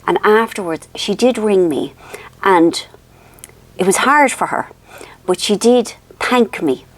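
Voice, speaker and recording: A woman's voice: medium pitch, takes it slowly, no echo. A woman in her fifties with an Irish accent, telling a rambling, self-mocking family story for her vlog, full of ums. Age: 50s. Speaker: author and vlogger.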